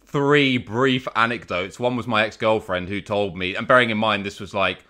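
A man's voice: lowish voice, moderate pace, bright, forceful tone. A man co-hosting a podcast, rambling through anecdotes with dry self-mockery. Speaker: co-host. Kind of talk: casual storytelling.

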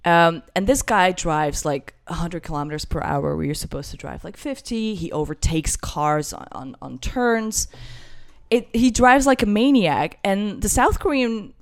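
A young British woman telling a casual travel anecdote, acting out what each person said in lively voices. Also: fairly low pitch, a little slow. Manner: animated storyteller who acts out quoted voices. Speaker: guest telling a travel story.

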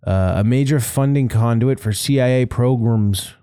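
A man's voice: mid-range voice, unhurried, mellow, smooth, dry recording, studio quality. A man co-hosting a podcast in casual comedic chat, crude and joking, laughing often. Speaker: podcast co-host.

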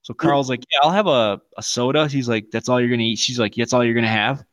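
A man's voice: medium pitch, steady tone, fast. A man co-hosting a podcast in casual chat, telling profane stories and acting out the quotes. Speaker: podcast co-host.

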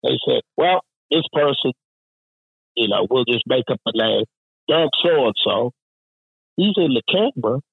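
Profane animated male storyteller, husky. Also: medium pitch, unhurried, long pauses, no room sound, phone-quality sound. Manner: profane, animated, acts out quoted voices. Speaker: union representative telling a story. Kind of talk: casual storytelling.

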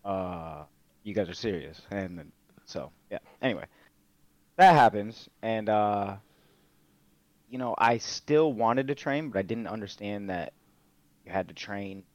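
A laid-back young man tells stories in a casual interview, swearing freely and leaning on fillers. His voice sits fairly low. The sound is dull and lo-fi, dry, with little room around it. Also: animated, a little slow, long pauses, no room sound. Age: young adult. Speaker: guest, MMA fighter and streamer.

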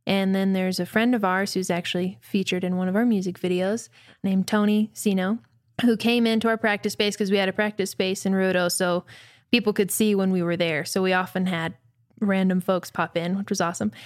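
Young female musician, lively interview storyteller, close dry mic. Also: medium pitch, moderate pace, no echo. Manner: animated storyteller who acts out quotes. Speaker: band member. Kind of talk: casual anecdote in an interview.

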